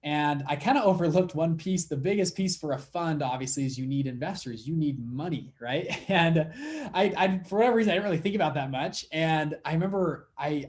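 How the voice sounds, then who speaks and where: Man, young adult, fund manager guest, casual interview, animated storyteller, slightly high pitch. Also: fairly quick. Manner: animated storyteller acting out dialogue.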